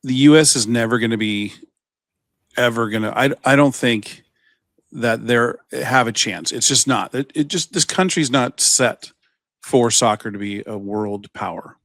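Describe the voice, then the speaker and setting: A man co-hosting a podcast, telling stories in a rambling, casual way and getting animated as he retells events. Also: medium pitch, a little slow, no echo. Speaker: podcast co-host. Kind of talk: casual chat.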